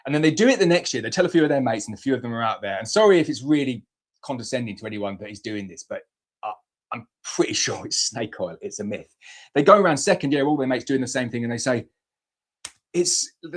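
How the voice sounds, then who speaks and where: A man hosts a casual live question-and-answer show. He talks in a blunt, chatty way and acts out playful mock examples. His voice sits at an ordinary middle pitch. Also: very animated, a little fast. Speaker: beekeeping show host answering viewer questions.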